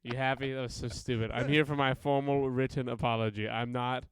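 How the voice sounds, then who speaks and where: A man's voice: medium pitch, fairly even intonation, a little fast, slight background noise. A young man hosting a podcast in casual chat, sarcastic and swearing freely. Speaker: podcast host.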